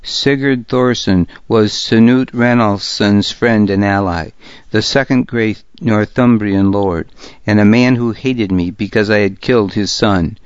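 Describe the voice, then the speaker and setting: A man reading a historical novel aloud as a narrator, in a measured, steady way. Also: lowish voice, clear, resonant tone, no room sound, highs cut off. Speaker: audiobook narrator. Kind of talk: scripted narration.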